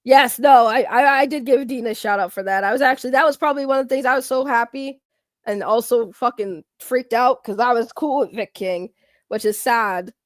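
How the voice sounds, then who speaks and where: Woman, high voice, livestream host, casual rant, animated, dry mic. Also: fairly quick, no echo. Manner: animated, talks back to chat, swears and laughs.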